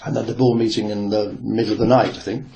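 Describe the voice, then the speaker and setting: A man's voice: lowish voice, flat delivery, fast, gravelly, mellow, slight background noise. An older man, a former newspaper reporter, recounting a workplace memory in a rambling, hesitant way with many fillers and restarts. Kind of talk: reflective oral history storytelling.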